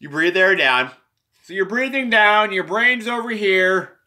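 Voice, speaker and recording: Rambling bright-voiced man explaining drawings. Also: high voice, expressive, a little slow. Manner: meandering, repetitive, self-correcting. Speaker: presenter explaining his drawings.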